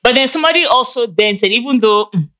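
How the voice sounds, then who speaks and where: A woman's voice: on the high side, animated, fast, pushed and bright. A young Nigerian woman co-hosting a casual podcast, gossiping animatedly and laughing easily. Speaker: podcast co-host. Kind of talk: casual chat.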